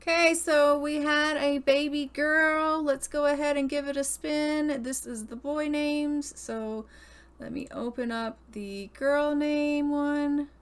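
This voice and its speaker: A young woman casually commenting on her gameplay in a chatty way, speaking her characters' thoughts in quick asides. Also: sits high, steady tone. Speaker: gaming video host.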